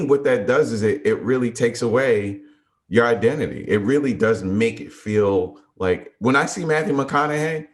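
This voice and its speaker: A man co-hosting a podcast about movies, thinking aloud in casual chat, often restarting his sentences. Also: mid-range voice. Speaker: podcast co-host.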